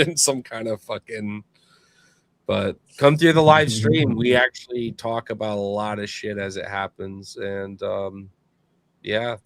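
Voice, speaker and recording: A man hosting a casual podcast chat, rambling on in a loose, animated way and swearing freely. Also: fairly low pitch, no room sound. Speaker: podcast host.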